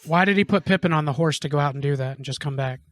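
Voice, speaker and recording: A man co-hosting a casual podcast, chatty and quick to question the plot. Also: a little high, no echo, clean studio sound. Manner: chatty, puts on silly voices. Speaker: podcast co-host. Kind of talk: casual chat.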